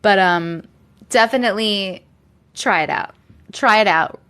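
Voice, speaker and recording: A woman's voice: medium pitch, unhurried, bright, forceful tone, smooth. A woman hosting a live stream, chatting casually with viewers, reading out their comments and laughing often. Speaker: livestream host reading viewer stories.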